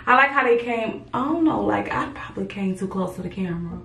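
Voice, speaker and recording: Woman, sleepy late-night chat, sassy asides, gravelly edges, roomy sound from a bit off-mic. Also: medium pitch, lively intonation, fairly quick, a bit bright, recorded from a distance. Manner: chatty, playful, sassy asides. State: tired, yawning. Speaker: beauty vlogger. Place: home at night.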